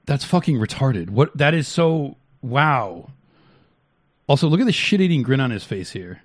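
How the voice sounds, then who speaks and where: A man's voice: mid-range voice, very animated, moderate pace, soft background music. A man co-hosting a talk stream, reacting to clips in blunt, crude, heated talk with many restarts. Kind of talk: casual profane commentary.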